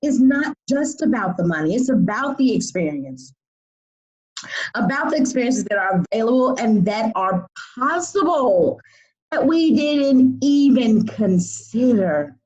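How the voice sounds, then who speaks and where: A woman hosting a group coaching call, giving drawn-out, affirming praise to participants. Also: a little high, animated, a little mellow, dull audio. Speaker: program coach and host.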